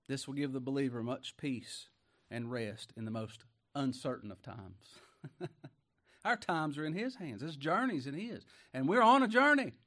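Chuckling preacher man. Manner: chuckles often, tag questions to the congregation; bursts into high exclaims. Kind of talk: folksy sermon.

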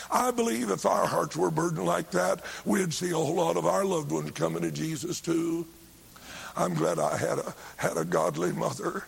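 An older man preaching a revival sermon, telling a story fervently and rising to shouts when he quotes others. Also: a little high, moderate pace, vocal fry, breathy edge.

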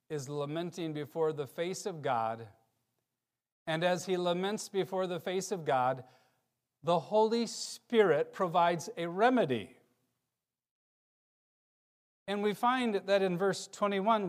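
Man with a high voice preaching a sermon; reads scripture, dynamic between emphatic and hushed delivery. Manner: expressive, swings between loud emphasis and quiet low passages. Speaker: pastor.

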